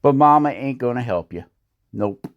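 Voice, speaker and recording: A man's voice: medium pitch, expressive, moderate pace, highs cut off. A man hosting a woodcarving channel, talking through his work in a casual how-to voice-over, rambling and self-deprecating with frequent chuckles.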